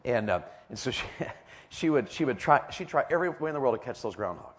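A man's voice: mid-range voice, very animated, brisk, slightly rough. A middle-aged man preaching a sermon, folksy and repetitive, calling out questions to the crowd. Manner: folksy, repeats lines, calls out to the audience. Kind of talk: sermon with stories.

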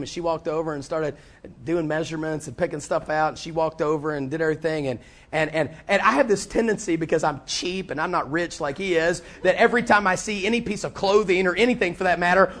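A man with a high-pitched voice preaches through a personal story. He talks in an animated way, often repeating words and acting out both sides of a conversation. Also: brisk. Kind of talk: sermon storytelling.

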